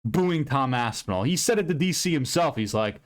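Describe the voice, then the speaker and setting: A man hosting an MMA recap channel, ranting loudly and profanely in an unscripted, rambling way. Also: mid-range voice, expressive, moderate pace. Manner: loud, profane, heated and emphatic; rambling with frequent restarts and fillers. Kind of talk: unscripted fight recap rant.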